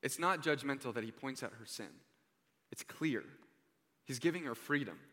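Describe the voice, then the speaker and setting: A young man preaches an earnest, heartfelt sermon in a bright, forward, mid-range voice, expressive and at normal speed. He often drops to a hush to land a point, and long hall reverb trails every line.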